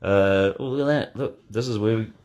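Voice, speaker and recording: A man hosting a casual live watch party from bed, answering chat questions in a deadpan, joking way. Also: fairly low pitch, moderate pace. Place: in bed at home. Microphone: phone.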